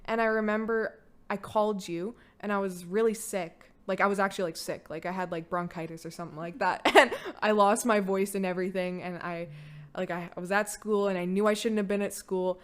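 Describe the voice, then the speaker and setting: A woman's voice: mid-range voice, fairly even intonation, fairly quick, smooth. A young woman telling her own story on a podcast, candid and casual, full of "like" fillers and blunt swearing. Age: young adult. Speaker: podcast guest, host's daughter.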